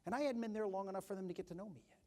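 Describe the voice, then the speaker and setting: A middle-aged man and army officer giving a keynote leadership speech, telling stories in an animated way and acting out other people's voices. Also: high voice, rapid-fire. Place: large conference hall. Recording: long hall reverb.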